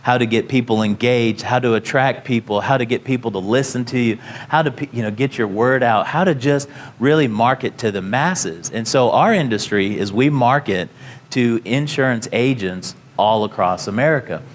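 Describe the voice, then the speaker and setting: A man's voice: mid-range voice, moderate pace. Man telling his career story casually. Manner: rambling, full of "you know" fillers and restarts. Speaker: company founder speaking to students.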